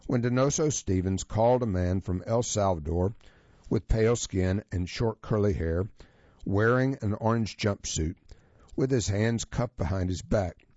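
A man presenting a magazine feature as scripted narration, reading in a measured, even manner. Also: lowish voice, no echo. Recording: dull, lo-fi, dry sound.

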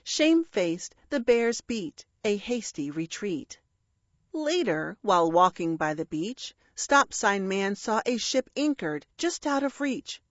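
A woman reading a rhyming children's story aloud with a measured, expressive delivery. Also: medium pitch, dry recording, dull audio. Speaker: narrator.

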